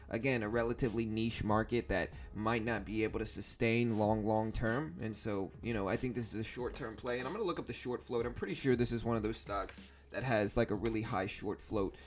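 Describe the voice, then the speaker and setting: Relaxed Southern man livestreaming. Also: lowish voice, fairly quick, few pauses, faint music behind. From South Louisiana. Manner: relaxed, rambling, lots of fillers. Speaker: stock trading livestream host. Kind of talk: casual livestream chat.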